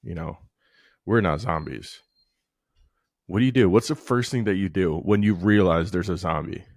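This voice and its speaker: A man in his thirties co-hosting a podcast, telling stories in profane, rambling, animated casual banter. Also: low-pitched, normal speed, dry recording, clean studio sound. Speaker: podcast co-host.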